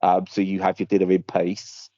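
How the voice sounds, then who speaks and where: Low-voiced man rambling through a story. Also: monotone, normal speed, dark tone, dry recording, lo-fi sound. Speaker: podcast co-host. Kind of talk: casual chat. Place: hospital room.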